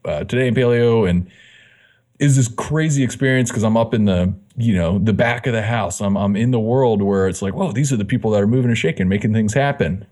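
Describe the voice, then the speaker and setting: A fitness magazine editor, appearing as a guest in a relaxed interview, tells his story in a brisk, lowish male voice. He's animated throughout and performs the dialogue he quotes.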